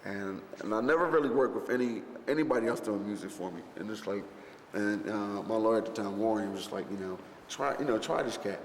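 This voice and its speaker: A man's voice: on the low side, a little fast. A man in an interview, telling stories in a rambling, profane way and packing his talk with fillers. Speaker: rapper recalling a film shoot. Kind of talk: interview reminiscence. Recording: roomy space with long reverb, faint background noise.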